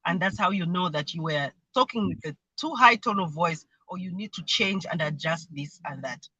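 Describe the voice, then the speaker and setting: A woman's voice: fairly low pitch, lively intonation, normal speed, bright, forceful tone, breathy edge, dry recording, lo-fi sound. A woman speaking earnestly as a mentee on a livestream, explaining her family routines and sometimes imitating voices when she quotes people. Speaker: mentee sharing her experience. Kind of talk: livestream conversation. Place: remote video call.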